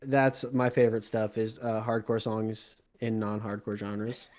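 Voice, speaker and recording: A young man co-hosting a music podcast, playful and excitable, laughing often in casual chat. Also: lowish voice, a little slow. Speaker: podcast co-host.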